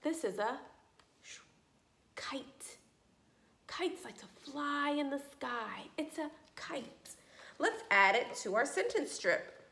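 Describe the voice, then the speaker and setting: Slow, lively-voiced woman teaching speech. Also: high voice, creaky. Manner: slow, encouraging, drawn-out modeling of sounds. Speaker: speech therapist. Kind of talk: speech practice lesson for children. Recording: echoey room.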